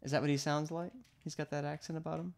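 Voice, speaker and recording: A man's voice: fairly high pitch, flat delivery, quick pace. A man from Louisiana hosting a casual livestream, joking and laughing often as he chats with a guest. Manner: jokey, laughs often, playful banter. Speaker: livestream host.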